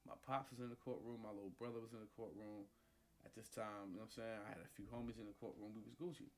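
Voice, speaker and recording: A man's voice: fairly low pitch, steady tone, fast talker. A man casually telling a personal story into a studio microphone, slangy and profane, acting out the people he quotes.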